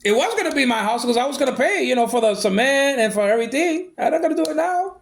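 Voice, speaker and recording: A man's voice: very high voice, lively intonation, quick pace, vocal fry. A man ranting in a monologue, aggrieved and repeating himself as he vents. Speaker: vlogger.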